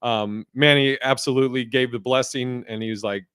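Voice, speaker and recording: A man's voice: medium pitch, steady tone, normal speed, a bit bright, smooth, no echo, clean studio sound. A man hosting a podcast in loose, profane casual chat, laughing as he tells stories. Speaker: podcast host.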